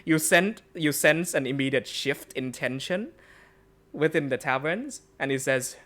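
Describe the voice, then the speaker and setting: A man's voice: a little high, animated, measured pace, fairly bright tone. A man narrating a tabletop game as game master, rambling with fillers and laughing often.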